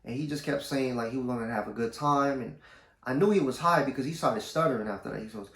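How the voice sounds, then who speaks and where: A man telling a personal story to camera in a casual, slangy, low-key way. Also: quick pace, gravelly. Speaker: vlogger. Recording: roomy echo.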